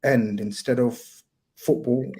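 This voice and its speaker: A man's voice: medium pitch, slow. Chatty man hosting a stream. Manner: chatty, teasing, excitable. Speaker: host. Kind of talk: casual live-stream chat.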